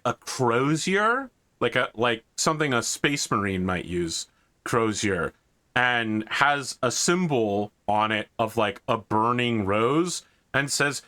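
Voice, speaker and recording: A man's voice: mid-range voice, bright, forceful tone. A man narrating as game master of a tabletop role-playing game, casual and wry. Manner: casual, wry, jumps into quick character voices.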